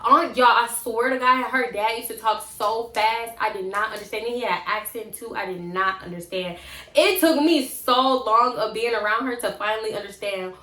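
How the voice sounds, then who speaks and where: A young woman tells a casual storytime to her viewers. She is animated, blunt and quick to swear, with a bright, somewhat high voice. Her voice carries a roomy echo. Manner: animated, blunt and profane, acting out quotes. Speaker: storytime vlogger.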